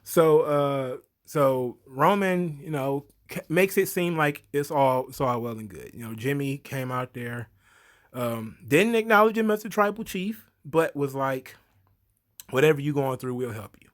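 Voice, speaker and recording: Brief: slightly high male voice, casual reviewer, chatty recap full of fillers, laughs, and acted-out quotes. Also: measured pace. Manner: animated storyteller, acts out quotes in high voices; frequent fillers, laughs often. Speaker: wrestling reviewer.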